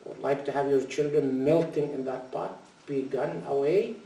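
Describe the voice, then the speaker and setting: A man's voice: medium pitch, moderate pace. Older man lecturing in an echoey mosque hall. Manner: earnest, repeats key phrases, animated in anecdotes. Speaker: mosque speaker. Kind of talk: lecture to a congregation. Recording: echoey room, distant mic.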